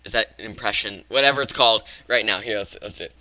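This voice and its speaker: A man's voice: on the low side, fast, sharp tone, dry recording, poor audio. A man hosting a gaming channel, talking casually through a video-game theory, often restarting and correcting himself. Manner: rambling, frequent self-corrections and restarts.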